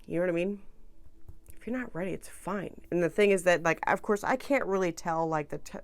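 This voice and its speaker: A woman reading tarot cards to camera in a chatty, soothing way, trailing off soft and then rising loud again. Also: on the low side, brisk, dry recording. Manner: chatty and soothing, with frequent restarts and swings between soft and loud. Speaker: tarot reader.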